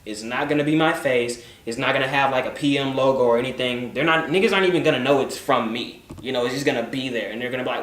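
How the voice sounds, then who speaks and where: Fast and a bit bright, this mid-range male voice belongs to a young man casually fielding questions from viewers in a vlog. He jokes around, swears a lot, and lets sentences fade into mumbling, recorded from a distance in a roomy space with faint noise behind him.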